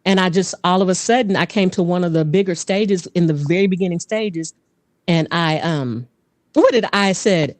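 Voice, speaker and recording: A woman guest who is a vocal coach and voice actor, telling stories in a lively casual way, often laughing and dropping into voices. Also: on the low side, normal speed, no room sound. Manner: animated, laughs often, slips into character voices. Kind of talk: casual podcast storytelling.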